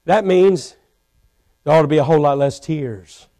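A man preaching a sermon from a church pulpit, swinging between fervent shouting and hushed intensity. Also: on the high side. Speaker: pastor. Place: church sanctuary.

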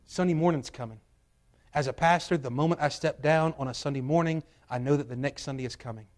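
A male pastor preaching a sermon in a church, swinging between loud urgent peaks and quiet drops. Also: mid-range voice, quick pace. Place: church sanctuary.

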